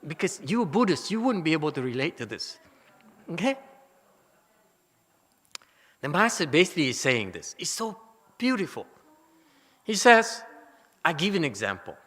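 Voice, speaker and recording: Lively, bright-voiced male dharma teacher. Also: a little high, moderate pace, long pauses. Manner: animated, teasing, asks listeners rhetorical questions. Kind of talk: dharma lecture. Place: temple lecture hall. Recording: hall reverb.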